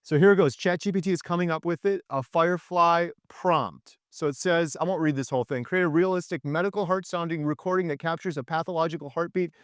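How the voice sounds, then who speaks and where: Middle-aged man, channel host, enthusiastic and animated, slightly high voice, dry close sound. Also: a little fast, few pauses, smooth, no room sound. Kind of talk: casual video chat.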